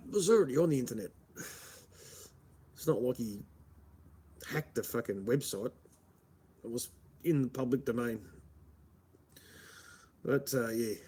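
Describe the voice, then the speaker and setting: A man's voice: mid-range voice, a little mellow, slightly rough. A man from Melbourne with an Australian accent, chatting casually on a livestream, rambling and answering his chat. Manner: rambling, answers chat, says "mate" a lot. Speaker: live streamer.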